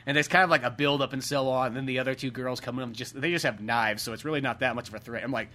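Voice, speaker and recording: A man's voice: mid-range voice, fairly even intonation, fast, sharp tone. A man chatting casually and profanely about a film, rambling with lots of fillers.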